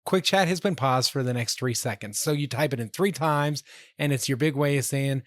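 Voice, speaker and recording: A man's voice: mid-range voice, normal speed, no echo. A man on a casual podcast telling stories about himself in a wry, self-deprecating way. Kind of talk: casual chat.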